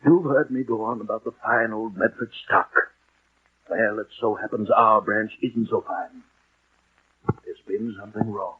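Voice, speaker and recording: An actor playing a soothing, secretive uncle with a husky voice in 1940s radio acting. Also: male voice, lowish voice, fairly even intonation. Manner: soothing, measured, paternal. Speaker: Uncle Peter in a radio drama. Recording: lo-fi old radio broadcast.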